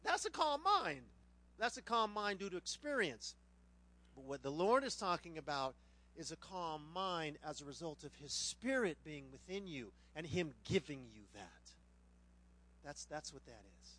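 A middle-aged male pastor preaching, his voice sitting high and swinging widely up and down. He slips into humorous storytelling and puts on voices for the people in his tales. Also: sing-song, measured pace, pushed and bright. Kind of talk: sermon with a personal anecdote.

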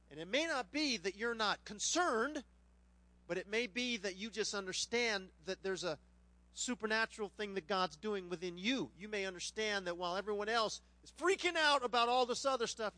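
A middle-aged man, a pastor preaching a sermon, who tells funny stories with lively voices mixed into his teaching. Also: high voice, moderate pace. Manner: animated, humorous storyteller who puts on voices. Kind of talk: sermon with a personal anecdote.

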